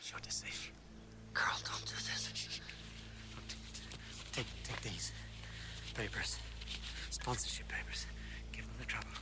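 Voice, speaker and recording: A desperate man pleads in a faint, urgent whisper, played by a male actor. His words come slow and breathy, barely voiced. It sounds like a tense film scene. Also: mid-range voice, fairly even intonation, lightly acted. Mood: pleading.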